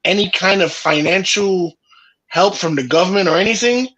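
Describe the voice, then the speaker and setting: A man talks in a loose podcast conversation, worked up and cursing as he vents. His voice sits high and bright with a husky edge. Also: moderate pace, highs cut off. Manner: heated, profane storytelling. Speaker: podcast host. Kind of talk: casual chat.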